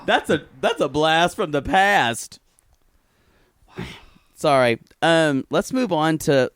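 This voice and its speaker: A man's voice: on the high side, animated, slow, pauses often, fairly bright tone, clean tone, no room sound, clean studio sound. A man co-hosting a podcast in a campy, playful casual chat, often breaking off with apologetic asides. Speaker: podcast co-host.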